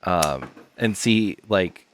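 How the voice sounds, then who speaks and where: Low, slow man with dry teasing humor. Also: animated, slight background noise. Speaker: podcast co-host. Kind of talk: casual comedic chat.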